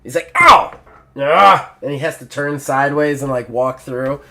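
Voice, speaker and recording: A man's voice: medium pitch, fairly even intonation, normal speed, bright, forceful tone. A man narrating as game master in a casual, rambling way.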